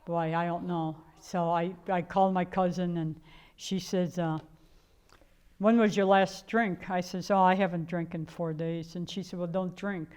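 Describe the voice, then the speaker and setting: A woman's voice: fairly low pitch, flat delivery, moderate pace, few pauses, a little mellow, clear, resonant tone. An older woman from the Chicago area telling her own life story in a candid, rambling way, full of fillers and restarts. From Chicago area, USA. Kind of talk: personal storytelling.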